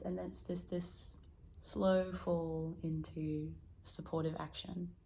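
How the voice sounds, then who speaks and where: Low gravelly woman chatting casually. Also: flat delivery, a little slow, hardly any pauses, warm tone, slight background noise. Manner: rambling, self-deprecating, laughs often. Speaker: vlogger. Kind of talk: casual reflective vlog chat. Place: room at home.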